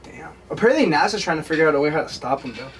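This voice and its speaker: Podcast co-host: rapid, rambling young man with a somewhat high voice, mic set back, faint hiss. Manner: animated, rambling, lots of fillers. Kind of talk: casual chat. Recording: distant mic with faint noise.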